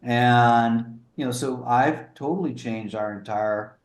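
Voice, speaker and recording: A man in his sixties, speaking as an interview guest over a video call in an earnest, sober, halting way. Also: mid-range voice, echoey room. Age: 60s. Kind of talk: interview conversation. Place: remote room in a small town.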